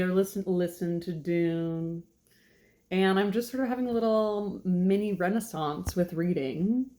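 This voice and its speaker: A woman's voice: lowish voice, a little mellow. A woman in her late thirties giving a chatty, rambling vlog intro from her home kitchen, joking at her own expense. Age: 30s. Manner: chatty and rambling, self-deprecating, frequent laughs. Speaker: channel host.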